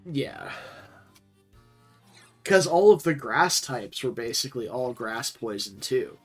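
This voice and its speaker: A man's voice: medium pitch, expressive, takes it slowly, faint music behind. Rambling man streaming a game. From Southern US. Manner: rambling, many fillers and self-corrections. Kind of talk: casual gameplay commentary.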